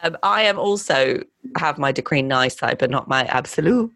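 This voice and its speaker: A woman hosting a podcast, chatting casually with a giggly, animated manner. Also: deep voice, moderate pace. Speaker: podcast host. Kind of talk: casual chat.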